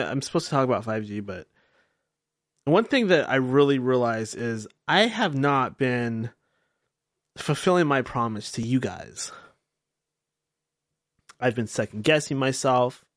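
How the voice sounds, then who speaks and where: A man's voice: mid-range voice, no echo, studio quality. A man hosting a radio-style podcast, talking in a rambling, candid, self-mocking way and swearing freely. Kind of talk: casual solo talk-show monologue.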